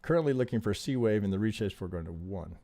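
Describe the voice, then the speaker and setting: Male trading coach on a stream, low mellow voice, swears freely, dry close sound, keeps checking "right?". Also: lively intonation, fast, dry recording. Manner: profane, emphatic, acts out trader reactions, keeps asking "right?". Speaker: trading teacher reviewing charts on a live stream. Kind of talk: animated live-stream chart analysis.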